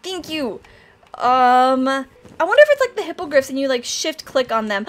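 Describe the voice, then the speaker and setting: A young woman hosting a casual game let's-play, bubbly and excitable, often gasping and squealing with delight. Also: high voice, moderate pace. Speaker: gaming channel host.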